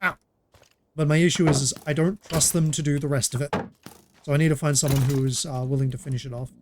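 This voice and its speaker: Chatty man from Australia, slightly high voice. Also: fairly even intonation, quick pace, noisy background. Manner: chatty, laughing, talks to chat between game moves. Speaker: streamer. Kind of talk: casual live gameplay chat.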